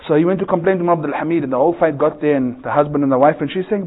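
A man's voice: a little high, very fast, few pauses, slightly rough. A man preaching as a maulana in a humorous sermon, cracking jokes and asking rhetorical questions. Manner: joking, rhetorical questions, laughs at own jokes. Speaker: maulana giving a bayan. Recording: tinny phone-like sound.

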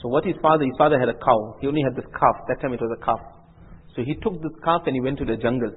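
Man, Islamic preacher, rapid delivery, husky voice, earnest storytelling sermon, narrow phone-like sound. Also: mid-range voice, big-room sound. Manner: earnest, repetitive phrasing, animated quoted dialogue. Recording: tinny lo-fi phone-like recording.

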